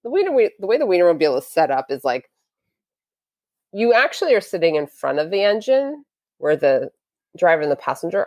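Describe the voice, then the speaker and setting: A woman, a podcast guest, telling a story in a casual interview, lively and acting out what people said. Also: deep voice, no room sound.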